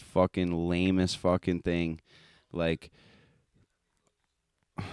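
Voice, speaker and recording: A man with a lowish, smooth and clear voice, recorded close in a dry room. He rants at his listeners in a loose, profane podcast monologue, blunt and scornful. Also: darkish tone, dry recording. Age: adult with children. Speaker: podcast host.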